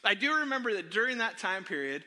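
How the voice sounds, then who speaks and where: A man preaching a sermon, telling a funny self-deprecating story from his childhood to the congregation in an animated way. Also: sits high, quick pace. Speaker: pastor. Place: church sanctuary. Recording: long hall reverb.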